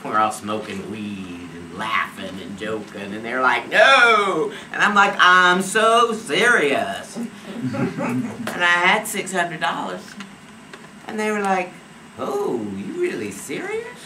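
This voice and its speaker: An actress playing a streetwise young woman in a stage monologue, animated and laughing as she acts out the people in her story. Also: very deep voice, a little slow, distant mic, exaggerated voice. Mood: amused, lively. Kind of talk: stage monologue based on an interview. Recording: echoey stage recorded from afar, steady noise.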